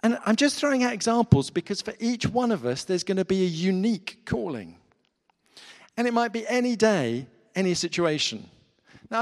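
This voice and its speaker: A man preaching a sermon in an earnest, conversational way, with fillers, in a church hall. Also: high-pitched.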